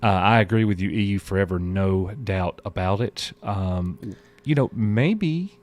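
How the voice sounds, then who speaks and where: Low-voiced man chatting on stream. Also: measured pace, darkish tone. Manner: reads viewer messages aloud, drawling and chatty. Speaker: show co-host. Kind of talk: casual live-stream chat.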